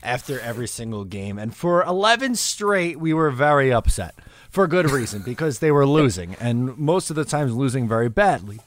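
A man in his twenties hosting a podcast, chatting in an easygoing way and laughing often. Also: medium pitch. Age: 20s. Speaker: podcast host. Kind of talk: casual chat.

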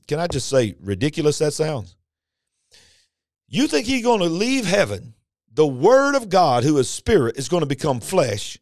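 A fervent preacher, his voice leaping from low, steady stretches into high, ringing swells. He drives his points with emphatic rhetorical questions in a dry, close recording. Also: dry recording. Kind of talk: podcast sermon.

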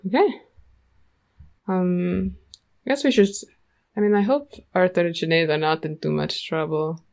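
A woman's voice: fairly low pitch, steady tone, normal speed, creaky, a little mellow. A woman player in a tabletop role-play, speaking in a casual, playful way.

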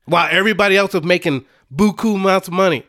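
His voice sits high with a fairly bright tone and a quick pace. In relaxed conversation as a podcast co-host, the young man laughs often, teases himself and spells out words.

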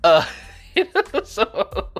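A man hosting a casual review vlog who rambles through childhood memories. His speech is full of "like" fillers and swearing, and he breaks into laughter often. His pitch moves in a lively, animated way. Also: drawn-out words, faint music behind. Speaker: host of a movie review show. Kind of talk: casual nostalgic vlog chat.

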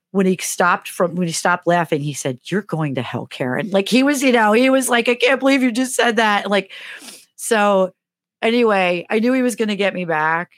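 A middle-aged woman co-hosts a podcast, casually relating a funny story and animatedly acting out the voices of its characters. Her voice sits on the low side, and the studio-quality recording has no echo.

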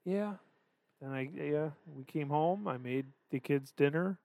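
A man's voice: a little high, measured pace, creaky, mellow, no echo. Man, podcast co-host, casual confessional chat, swears, dry room. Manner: candid, self-deprecating, swears freely.

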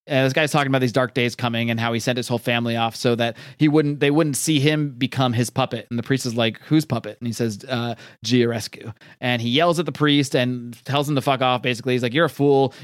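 A man's voice: mid-range voice, no room sound. A man chats casually as a podcast host, retelling a comic's plot in a loose, rambling way full of ums and likes. His voice sits in a middle range and sounds dry and close to the mic. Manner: rambling retelling with many fillers and quoted lines. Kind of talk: casual chat, recapping a comic.

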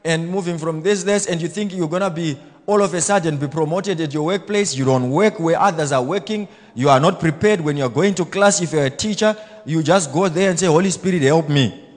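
A man's voice: on the high side, a little fast, few pauses. Blunt pastor man preaching in a hall. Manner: swings between loud exhortation and quiet confiding asides; blunt, challenging, self-assured. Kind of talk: sermon. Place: church hall.

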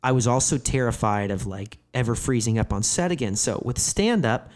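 A man's voice: mid-range voice, animated, moderate pace. Rambling man telling candid stories. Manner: rambling, filler-heavy "like" phrasing, profane. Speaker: comedian guest. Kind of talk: candid storytelling conversation.

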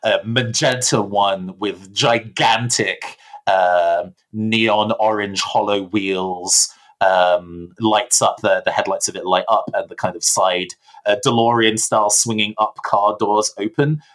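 A man's voice: lowish voice, steady tone, slow, a bit bright. Man narrating a tabletop game. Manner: rambling, filler-heavy, frequent restarts. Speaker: game master.

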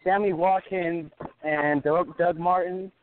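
Halting man calling into a show. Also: sits high, fairly even intonation. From Sacramento, California. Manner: unsure, halting. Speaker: caller. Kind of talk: phone-in question. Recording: phone line with faint noise.

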